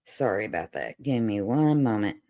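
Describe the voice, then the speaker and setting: Appalachian Southern woman, livestream host, low-pitched voice that swoops with lively melody, unhurried folksy sass. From Southern United States, Appalachian holler. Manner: folksy and sassy, laughs often. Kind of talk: casual chat on a livestream.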